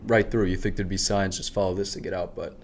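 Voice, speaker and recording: Young man, lowish voice, podcast guest, casual chat, swears. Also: flat delivery, quick pace, slight background noise. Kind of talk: casual chat among friends.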